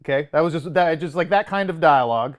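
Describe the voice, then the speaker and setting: A man's voice: on the high side, fast. A man co-hosting a movie review show, mocking the film in casual debate and laughing often.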